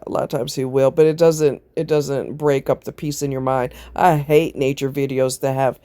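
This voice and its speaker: Low-voiced chatty woman. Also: dark tone, smooth, dry recording. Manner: chatty, rambling, laughs a lot. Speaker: vlogger. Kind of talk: casual chat.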